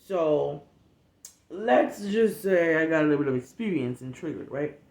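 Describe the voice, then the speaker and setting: A young woman from West Africa telling a casual storytime rant as a vlogger, animated and profane, acting out what people said. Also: low voice, moderate pace, reverberant. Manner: animated, profane, emphatic, acts out quotes.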